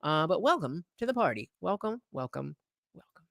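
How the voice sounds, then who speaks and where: A male livestream host reacts to clips in a lively, up-and-down voice. His speech is full of hesitations and fillers. The sound is dry and close. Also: sits high, normal speed, gravelly, no echo. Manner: confused, hesitant, many fillers.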